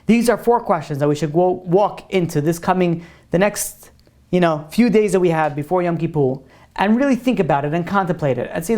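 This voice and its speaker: A man's voice: sits high, expressive, a little fast, darkish tone. A male rabbi leads a religious class and answers questions from students. He talks casually, easing into a parable before drawing out its lesson. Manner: informal, conversational storyteller.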